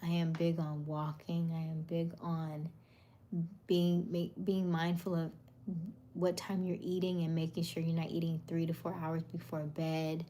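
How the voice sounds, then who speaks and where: A soothing, chatty woman in her thirties hosts a livestream and greets viewers by name. Her voice sits a little low and often sinks to a soft murmur between comments. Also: completely flat delivery, unhurried, a little hiss or hum. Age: 30s. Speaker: livestream host. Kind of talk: casual live chat reading comments.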